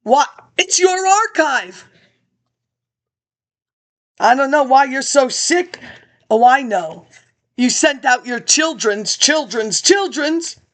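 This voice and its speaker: A woman's voice: high-pitched, animated, slow, pauses often, a bit bright. A woman ranting about politics to an absent audience, confrontational and accusing, jumping from topic to topic.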